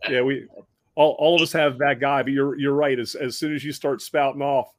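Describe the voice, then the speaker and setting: A man hosting a podcast, telling a story casually with many restarts and animated impressions of the people in it. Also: medium pitch, normal speed, dry recording. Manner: animated, acts out other people in raised voices; conversational with frequent restarts. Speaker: podcast host.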